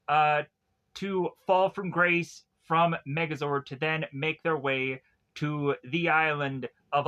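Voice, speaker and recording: A man's voice: on the high side, sharp tone, dull audio. A young man casually recapping TV episodes, rambling with many fillers and frequent chuckles. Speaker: TV show reviewer.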